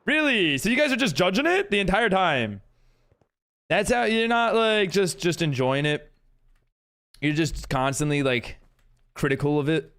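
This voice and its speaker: Animated, chatty male game streamer. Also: high-pitched, measured pace, pauses often. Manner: chatty, laughing often, reading chat aloud. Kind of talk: casual live stream chat.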